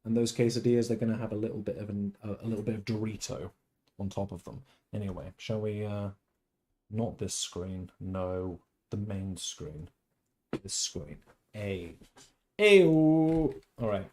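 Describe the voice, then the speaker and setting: A man hosting a casual game livestream, talking theatrically and swinging from loud outbursts to mock-tender murmurs. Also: on the low side, unhurried. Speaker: livestream host. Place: at home.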